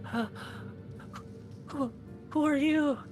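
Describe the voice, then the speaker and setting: A grieving mother in a tabletop role-play, put on by a man, tearful and pleading, her voice pitched well up. She speaks in halting bursts, and music plays behind her. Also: steady tone. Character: distraught grieving mother, a woman.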